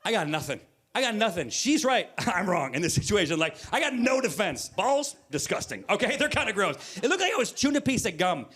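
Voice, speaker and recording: A man in his forties tells a long stand-up story into a handheld mic on a live stage. His voice sits a bit high for a man, and he stays animated throughout. He jumps into loud acted-out moments. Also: brisk, breathy edge. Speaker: stand-up comedian.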